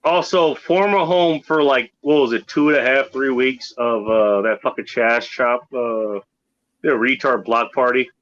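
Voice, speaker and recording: A man's voice: medium pitch, a little slow, a bit bright. A man hosting a casual livestream, rambling and profane as he talks with a caller and his chat. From Pacific Northwest of the US. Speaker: livestream host. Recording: dull lo-fi stream audio.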